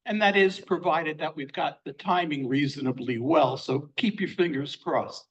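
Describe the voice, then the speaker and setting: A man's voice: a little high, moderate pace, highs cut off. An older man hosting a community sing-along, chatty and joking about his own memory. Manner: chatty, joking, self-deprecating.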